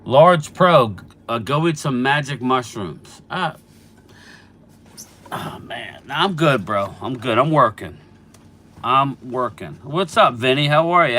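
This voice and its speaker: A middle-aged man hosts a sports channel live stream, chatting casually about football and reading out viewers' names as he answers them. His mid-range voice is sharp and slow with lively intonation, and allergies make him sound a bit stuffy.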